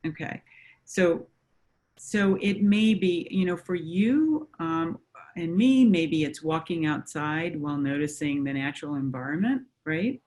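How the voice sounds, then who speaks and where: Measured woman counselor explaining calmly. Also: deep voice. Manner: measured, explaining, with many fillers. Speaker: mental health counselor. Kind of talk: explanatory conversation.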